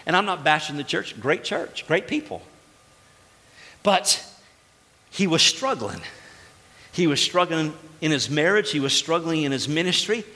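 A man's voice: fairly high pitch, sing-song, a little slow, pauses often, pushed and bright. A man preaching a sermon as pastor, speaking emphatically and putting rhetorical questions to the congregation. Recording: long reverb of a large hall.

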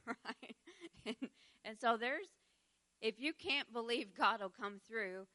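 Bright-voiced woman teaching in church. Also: medium pitch. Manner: laughs often, conversational and heartfelt.

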